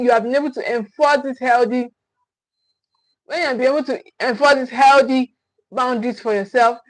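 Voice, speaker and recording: A woman with a high voice coaches parents in a livestream talk. She hammers each point home by repeating it, restarts her sentences often and keeps asking "okay?". The sound is dry, close and without room echo. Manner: emphatic and repetitive, restating key phrases; frequent restarts and checking "okay?".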